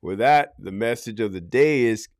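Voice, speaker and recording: A man's voice: medium pitch, normal speed. A middle-aged man, a former prison officer talking in a blunt, profane way on his podcast and acting out quotes. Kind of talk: casual podcast talk.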